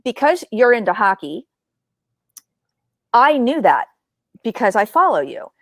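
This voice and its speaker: A woman's voice: on the high side, very animated, a little slow, dry recording. A woman hosting an interview over a video call, speaking in an emphatic, plainspoken way. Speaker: association CEO and host. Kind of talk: casual interview chat.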